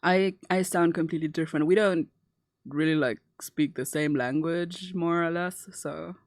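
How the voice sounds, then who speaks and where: A young woman whose first language is German chats casually on a live stream and laughs often. Her voice sits a little low. The sound is dry and close, with no room echo. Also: steady tone, normal speed. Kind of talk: casual chat while drawing.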